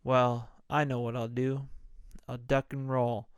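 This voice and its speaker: Man doing a brash reckless guy, dismissive blustering tone, smooth resonant voice, dry close sound. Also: mid-range voice, flat delivery, a little slow, no echo, natural voice. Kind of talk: casual movie recap podcast.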